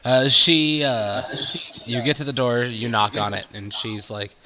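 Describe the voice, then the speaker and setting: Guy running a d&d game, slow, lots of uhs, bright tone. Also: medium pitch. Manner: relaxed, halting narration with many fillers. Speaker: game master. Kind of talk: narrating a tabletop game.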